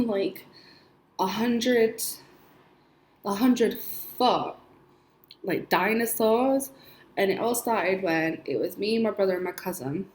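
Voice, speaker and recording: A woman's voice: medium pitch, darkish tone. A young woman vlogging, telling her dreams in a rambling, chatty way full of "like" and little laughs. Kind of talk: casual storytelling. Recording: echoey room with faint noise.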